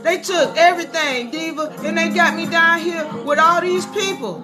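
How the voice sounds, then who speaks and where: A woman acting out a flustered jailed woman who stammers and complains about her arrest. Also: moderate pace. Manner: flustered, stammering, high-pitched. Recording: live stream with music playing behind.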